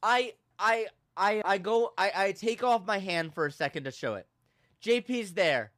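A young man hosting a podcast, telling a funny story with animated, self-mocking drama and big swings in his voice. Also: sits high, a little slow. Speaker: podcast host. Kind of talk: comedic storytelling in casual chat.

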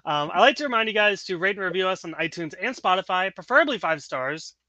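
A man hosting a casual podcast, joking around and laughing between quick asides. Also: high voice, lively intonation, bright, forceful tone, no room sound. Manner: laughing, quick asides, self-mocking jokes. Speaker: podcast host. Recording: dull lo-fi audio.

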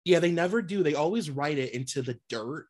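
A woman's voice: deep voice, lively intonation, fairly quick, a little mellow. A young adult woman co-hosting a casual gossip podcast, blunt and emphatic, swearing freely as she vents about reality TV. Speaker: podcast co-host.

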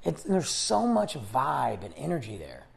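At a measured pace, a man with a mid-range voice, huge pitch swings, and vocal fry delivers a casual solo podcast monologue as host. He rambles chattily and restarts sentences while his voice goes.

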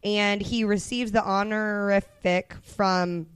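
Chatty female co-host for a casual film podcast, mid-pitched, dry studio sound. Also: steady tone, slow pace, smooth, dry recording. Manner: chatty, explains comic lore with laughs.

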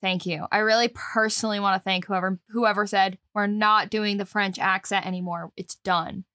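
Female podcast co-host, mid-pitched, candid and casual, swears freely, dry sound. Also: steady tone, moderate pace, pushed and bright, dry recording. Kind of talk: casual chat.

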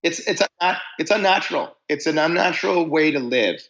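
A man's voice: fairly high pitch, lively intonation, a little fast, vocal fry, fairly bright tone, highs cut off. A man guest on a podcast, telling casual stories about touring in a band, often restarting his sentences. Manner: rambling, self-interrupting storyteller. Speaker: musician guest. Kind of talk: casual storytelling interview.

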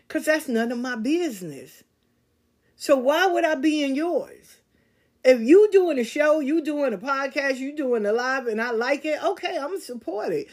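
A woman's voice: a little high, slightly rough. A woman hosting a podcast, ranting casually and bluntly to her listeners with plenty of profanity. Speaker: podcast host.

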